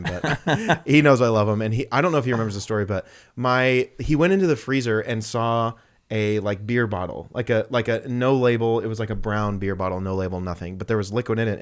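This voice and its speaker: A young man co-hosting a podcast tells casual stories, animatedly acting out the voices of the people in them. His voice is fairly low and his pace fairly quick.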